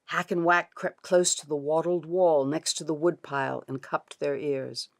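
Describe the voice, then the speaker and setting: A woman's voice: low-pitched, dry recording. A woman author reading her children's story aloud expressively in a studio. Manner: expressive, unhurried.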